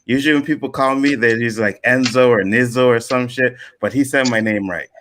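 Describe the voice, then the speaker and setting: A Canadian man from Nova Scotia, mid-range in voice and a bit quick, trades stories on an easygoing panel show, performing other people's dialogue with animation. Some faint background noise is present.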